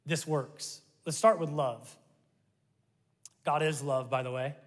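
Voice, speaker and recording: A middle-aged man preaching a sermon as pastor, energetic and jokey, talking straight to his congregation. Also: a little high, slow pace. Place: large church hall. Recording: long reverb of a large hall.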